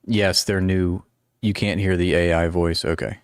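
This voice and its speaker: A man's voice: sits low, little pitch movement, measured pace, no echo, clean studio sound. A man streaming live, reacting to videos with sarcastic, mock-offended jokes. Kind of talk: casual live-stream commentary. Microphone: headphones with a headset.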